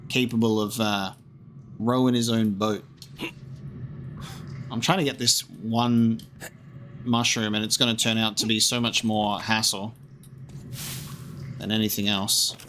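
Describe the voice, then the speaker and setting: A man's voice: fairly low pitch, little pitch movement, a little slow, long pauses, a bit bright, a little hiss or hum. A man giving casual, jokey commentary as he plays through a video game, chatting to himself as he goes. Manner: chatty, jokey, talks to himself while playing. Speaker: gaming streamer.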